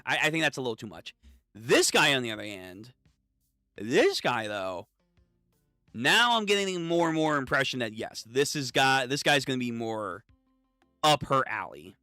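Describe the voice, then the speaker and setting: A man hosting a casual reaction read-through of manga, excitable and swearing, reading lines aloud. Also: mid-range voice, normal speed, clean tone, no echo, studio quality, soft background music. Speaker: channel host reading manga.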